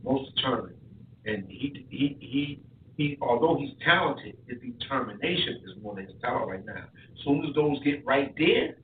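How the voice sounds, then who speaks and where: A boxing coach chatting casually on a podcast, an animated storyteller who repeats his words. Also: mid-range voice, normal speed, a little hiss or hum. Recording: echoey room, tinny lo-fi sound from far.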